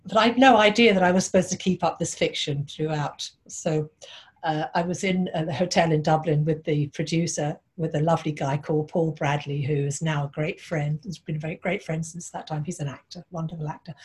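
A woman's voice: deep voice, steady tone, a little fast. Wry older woman telling stories. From London, England. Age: 60s. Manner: wry, anecdotal, hesitant with fillers. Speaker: guest, playwright and actress. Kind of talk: conversational interview.

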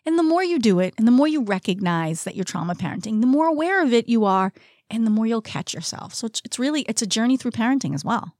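A woman's voice: fairly high pitch, big pitch swings, fast, darkish tone, no echo. Candid woman talking parenting, dry sound. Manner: candid, confiding, speaks straight to listeners. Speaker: podcast co-host. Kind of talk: casual chat about parenting.

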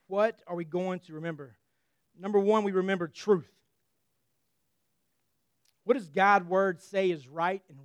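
A man delivers a sermon in an earnest, conversational way with touches of humor. His voice is high and smooth, and it sounds dry and close. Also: no room sound. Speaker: preacher.

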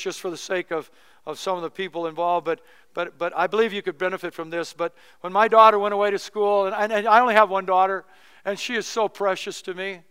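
A man's voice: high-pitched, fairly bright tone, clear, resonant tone. A middle-aged male pastor preaching a sermon, telling a personal story in a conversational, humorous way.

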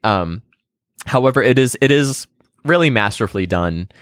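Here a podcast co-host with a mid-range, fairly bright voice talks movies in a relaxed, hesitant way, packing in fillers. He sounds animated at a moderate pace, and the dry recording is studio quality.

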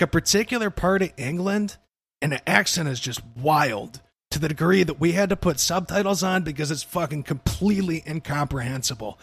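A man's voice: fairly high pitch, vocal fry, fairly bright tone, breathy edge. A young man hosting a casual podcast chat, laid-back and swearing freely, often calling his co-host "dude".

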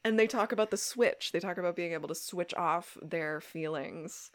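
A woman's voice: on the low side, normal speed. A woman co-hosting a podcast, chatting casually as she recaps a show episode and acts out the characters' lines. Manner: animated, retells scenes with quoted lines and laughs. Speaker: podcast co-host.

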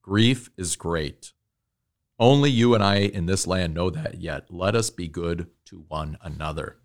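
A great, wise lion speaks with slow, soft tenderness, grieving alongside a child. His voice sits a little low and unhurried, gentle rather than roaring, as a man reads the part aloud. It has the quiet weight of a storybook lion comforting someone in sorrow. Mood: tender.

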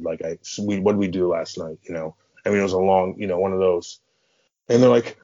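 A man's voice: on the low side, a little fast, mellow. A man in his thirties from St. Louis, a former hockey player telling rambling, swear-filled stories as a podcast guest. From St. Louis, USA. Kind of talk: casual storytelling. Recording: muffled lo-fi podcast audio.

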